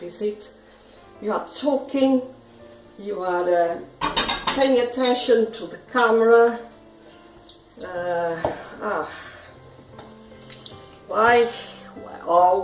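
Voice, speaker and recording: Woman hosting a self-filmed cooking video; slow, chatty and self-mocking, in an echoey kitchen. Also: on the low side, vocal fry. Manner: chatty, self-deprecating asides to the viewer. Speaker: cooking show host. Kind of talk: casual cooking demonstration. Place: home kitchen. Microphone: self-filmed camera. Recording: roomy echo, faint background music.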